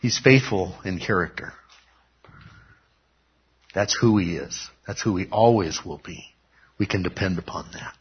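A man with a low, husky voice delivers a sermon-style Bible lesson, pressing his points and answering his own questions. The recording is dull and lo-fi. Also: unhurried, long pauses. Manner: emphatic, asks the room questions and answers them. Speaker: pastor teaching a Bible class.

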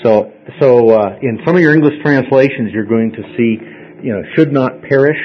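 A man's voice: mid-range voice, normal speed. Guy teaching a bible study class, chatty, keeps saying okay?, kinda muffled lo-fi recording w/ a bit of hiss. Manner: conversational, explains step by step, checks in with "okay?". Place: classroom with listeners.

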